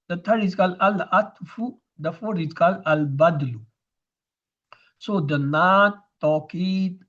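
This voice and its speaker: A man's voice: sits high, fairly bright tone, lo-fi sound. A man teaching Arabic grammar in an online lesson, explaining terms step by step over a video call.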